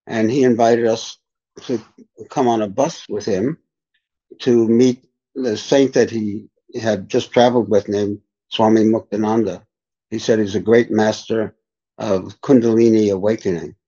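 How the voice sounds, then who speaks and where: Older male spiritual teacher, mellow husky voice, dull lo-fi sound, unhurried storyteller. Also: on the low side, fairly even intonation. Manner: unhurried, reflective anecdotes. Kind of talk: storytelling in a podcast interview.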